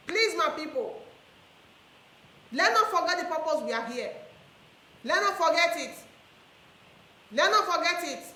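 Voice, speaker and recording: Nigerian woman activist lecturing to camera, sharp and bright, room echo behind her. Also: sits high, a little hiss or hum. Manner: preachy, mixes Pidgin and English, repeats phrases for emphasis. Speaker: online activist speaker. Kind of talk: impassioned monologue to camera.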